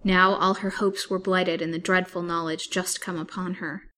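A woman storyteller reading a classic novel aloud with steady, dramatic delivery. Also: lowish voice, normal speed, a little hiss or hum.

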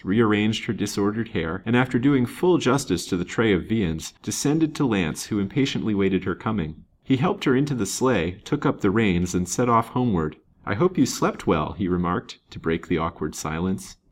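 A man with a very low voice narrates an old serial novel. He reads in a measured, dramatic storybook style. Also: animated. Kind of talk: storybook reading.

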